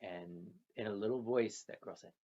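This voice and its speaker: A storyteller speaking slowly and gently, repeating phrases while telling a traditional tale to children. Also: sits low. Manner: slow, gentle and repetitive, with soft trailing phrases. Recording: dull lo-fi recording.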